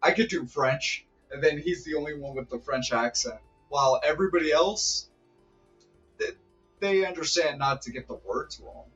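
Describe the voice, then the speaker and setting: A man's voice: fairly high pitch, moderate pace, fairly bright tone, muffled recording, soft background music. A man casually commenting while streaming a game, joking and rambling.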